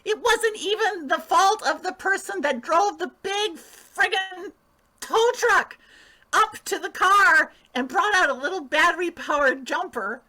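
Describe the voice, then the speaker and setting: A woman playing a gushing, bright-voiced nurse. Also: very high voice, a little slow, full character voice. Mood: gushing chatty. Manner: gushing, rambling, repeats words. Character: chatty middle-aged woman nurse, gushing and fussy. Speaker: improv performer. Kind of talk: improvised comedy scene.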